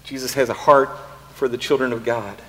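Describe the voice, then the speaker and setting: A man's voice: mid-range voice, fairly even intonation, pushed and bright. Man preaching in a reverberant hall. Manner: halting, repeats words, thinks aloud. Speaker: pastor. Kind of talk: sermon.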